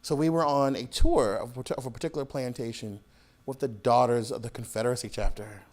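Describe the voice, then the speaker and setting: A man giving an author talk to an audience, telling lively stories with laughter and acted-out voices. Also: mid-range voice, brisk. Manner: animated, laughing, acts out voices in anecdotes. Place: public hall with audience.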